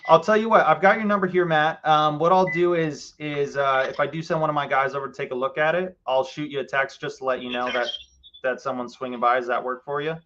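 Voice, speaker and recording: A man hosting a live real estate show, talking a seller through a deal and then coaching viewers in an energetic, explanatory way. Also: on the high side, a little fast, muffled recording, a little hiss or hum. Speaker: real estate investor host. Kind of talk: live stream phone call and coaching.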